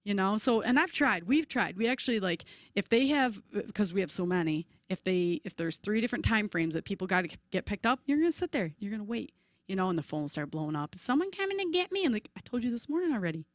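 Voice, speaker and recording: A woman in her forties, a podcast guest in casual chat, telling lively stories and acting out voices. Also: mid-range voice, quick pace, no room sound, clean studio sound. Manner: chatty, animated storyteller, acts out voices.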